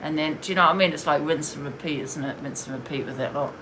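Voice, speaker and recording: A woman's voice: low-pitched, quick pace, fairly bright tone, slight background noise. A woman streaming live, bluntly and scornfully ranting while she answers viewers' comments. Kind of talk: heated live-stream rant.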